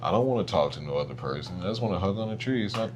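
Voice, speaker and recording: A very deep-voiced man co-hosting a podcast, thinking out loud with plenty of fillers and pauses. A low hum runs faintly in the background. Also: animated. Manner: thoughtful, hedging talk with many fillers. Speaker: podcast co-host. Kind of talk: casual podcast chat.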